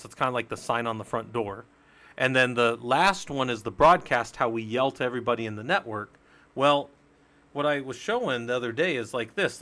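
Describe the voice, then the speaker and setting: A man's voice: mid-range voice, a bit bright. Chatty man teaching on a live stream. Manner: chatty, explains step by step, jokes with chat. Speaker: live-stream Linux instructor.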